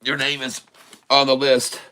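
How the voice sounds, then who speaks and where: A middle-aged man hosting a live day-trading stream, folksy and excitable, thanking viewers and calling out moves to his "folks.". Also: medium pitch, a little slow, clean tone. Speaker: day-trading livestream host.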